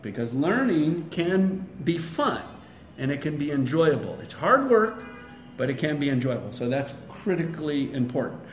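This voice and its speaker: A man's voice: on the high side, normal speed, echoey room, slight background noise. A man with an American accent, an English teacher chatting casually and playfully in an interview. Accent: General American. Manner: lively, playful, imitates other accents. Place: language school in Bangladesh.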